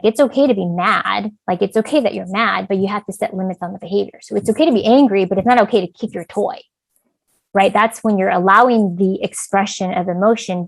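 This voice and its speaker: A woman leads an online parenting talk in an easy, conversational way, sprinkling her points with "like" and "um." Her voice carries a gravelly edge of fry, and the call audio is dry and close with no room sound. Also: medium pitch, no echo, poor audio. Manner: conversational, many fillers like "like" and "um". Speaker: parent education speaker, clinical supervisor. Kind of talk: casual online presentation. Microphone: video call.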